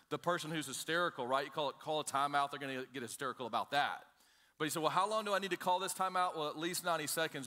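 A man's voice: fairly high pitch, pushed and bright. A man preaching a conversational sermon, emphatic and direct, often calling on the congregation to listen. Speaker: pastor.

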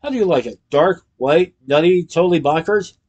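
A hopeful, whimsical young chocolatier, as a man reading a storybook puts him on. He talks in a soft, earnest and cheerful way, a touch higher than most men. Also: lively intonation, moderate pace, highs cut off.

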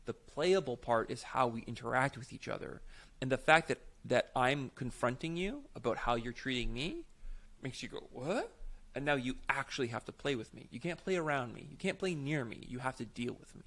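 A man's voice: medium pitch, animated, a little fast, fairly bright tone. A man co-hosting a podcast, explaining improv technique in casual, emphatic chat. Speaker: podcast co-host, improv teacher.

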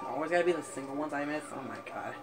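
A man playing a video game, commenting as he plays, often frustrated, swearing, laughing and yelling at the game. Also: fairly high pitch, racing, rough recording. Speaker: gaming YouTuber. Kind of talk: let's play commentary. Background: game music.

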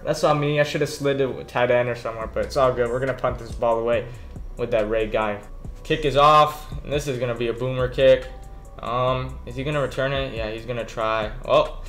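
A man's voice: mid-range voice, fairly quick, a bit bright, faint music behind. A young man giving casual, slangy commentary over his own football video game match, mostly talking to himself as he plays. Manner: laid-back, slangy, talks to himself while playing. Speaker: gaming YouTuber. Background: background beats.

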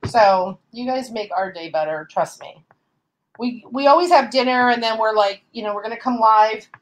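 A woman's voice: fairly high pitch, normal speed, low-quality recording. A woman hosting a casual craft livestream, bubbly and laughing often as she explains each step. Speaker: craft show host.

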